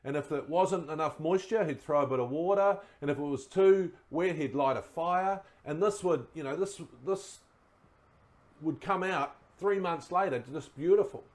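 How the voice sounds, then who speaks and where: A middle-aged man, a guest telling relaxed stories in casual chat and laughing at his own yarns. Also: a little high, moderate pace. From New Zealand. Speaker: guest, former rugby player.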